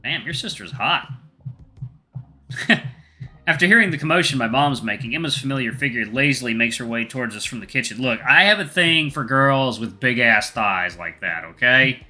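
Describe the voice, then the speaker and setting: Man softly narrating a visual novel. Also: mid-range voice, expressive, moderate pace, soft background music. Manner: soft first-person narration, crude asides. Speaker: gaming channel host. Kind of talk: reading a visual novel aloud with commentary.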